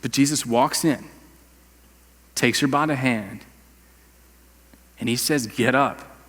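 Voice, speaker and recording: Bright-voiced preacher in a reverberant church. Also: male voice, medium pitch, takes it slowly. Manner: conversational, emphatic, casual slang. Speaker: pastor. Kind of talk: sermon. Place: church sanctuary.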